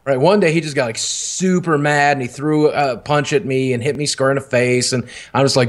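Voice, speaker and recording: A man's voice: mid-range voice, fairly even intonation, fairly quick, hardly any pauses. A man casually telling a long personal story, rambling and swearing, often laughing at himself.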